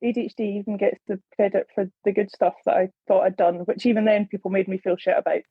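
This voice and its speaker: A woman's voice: mid-range voice, steady tone, quick pace, slightly rough, no room sound, phone-quality sound. A woman in her forties from Scotland talking candidly on a podcast, holding back emotion and swearing. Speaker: community member. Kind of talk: casual podcast introduction.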